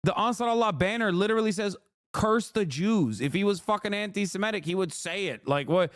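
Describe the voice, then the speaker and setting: A man's voice: sits high, fast, fairly bright tone, smooth, no room sound, studio quality. A man in his thirties streaming a reaction, ranting heatedly with profanity and sarcastic mimicry. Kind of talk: livestream reaction commentary.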